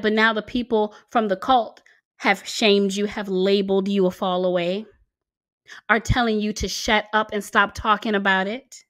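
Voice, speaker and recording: A woman's voice: medium pitch, a bit bright. A woman in her forties hosting a commentary video, speaking earnestly and pressing her points with emphasis. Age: 40s. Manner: earnest, emphatic, pushes harder when stressing a point. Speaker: channel host. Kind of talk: commentary to camera.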